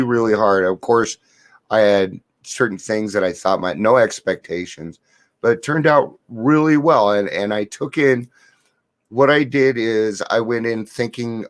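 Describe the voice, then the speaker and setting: A man's voice: lowish voice, slow pace. A middle-aged man talking to camera in an earnest, confiding way, sharing a daily recovery reflection and stories. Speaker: recovery vlogger.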